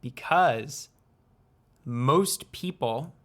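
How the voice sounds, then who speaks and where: A young man, a student video creator, explaining things in a casual vlog, playful and unhurried, with deliberate pauses. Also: medium pitch, expressive, a bit bright.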